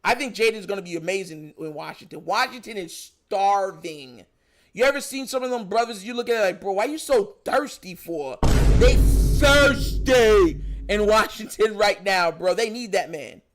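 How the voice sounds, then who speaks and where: A man with a New York accent hosting a live stream, talking loudly in slangy, excited commentary, often shouting and laughing. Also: high-pitched, normal speed.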